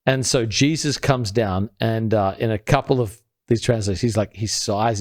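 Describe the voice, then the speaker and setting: A man's voice: moderate pace, few pauses. Earnest man teaching scripture in conversation. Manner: earnest, builds points step by step; drops quiet and low when quoting scripture. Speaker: podcast co-host.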